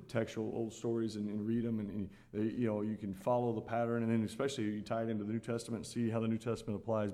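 A man delivers a sermon in an earnest, plain-spoken way. His voice sits at an ordinary middle pitch, and he leans on repeated phrases to drive his points home. He rises when he exhorts his listeners. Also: a little mellow. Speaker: preacher.

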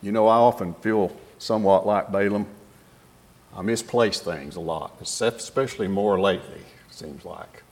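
A man preaching, retelling a scripture story in a folksy, animated way. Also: on the low side, normal speed. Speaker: pastor.

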